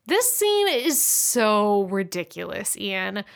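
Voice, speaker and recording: Young woman, podcast co-host, casual book chat, sarcastic, animated, mid-range voice. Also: medium pitch, slow, vocal fry. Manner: animated retelling, sarcastic asides.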